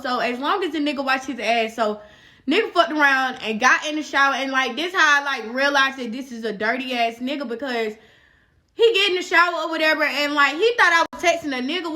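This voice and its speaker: High, bright-voiced young woman telling a story. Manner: profane, animated storytelling with many fillers. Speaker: vlogger. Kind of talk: casual storytime.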